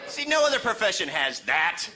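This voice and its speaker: A male stand-up comedian telling deadpan quips to a live audience. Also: sits high, a faint crowd. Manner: deadpan quips, quick jokes. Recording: live show with audience laughter.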